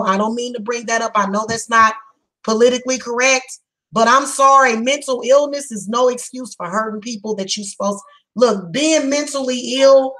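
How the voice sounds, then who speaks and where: A woman giving a psychic reading, speaking bluntly and emphatically, heated and repetitive, slowing down to stress her words. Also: fairly high pitch, a bit bright, rough recording. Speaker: psychic reader. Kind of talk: tarot reading monologue.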